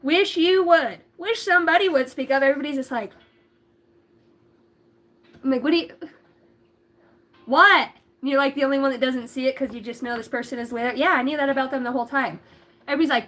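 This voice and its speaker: A woman's voice: sits high, fairly quick, pauses often, a bit bright. A woman doing a casual livestream tarot reading, giggly and rambling, cussing freely. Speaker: tarot reader.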